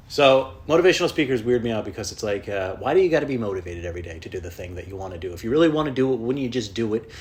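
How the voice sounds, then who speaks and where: A man's voice: lowish voice, expressive, very fast, hardly any pauses, a little hiss or hum. A man hosting a podcast, ranting casually on his own, rambling and swearing often, restarting his sentences as he goes. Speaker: podcast host. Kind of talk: casual solo rant.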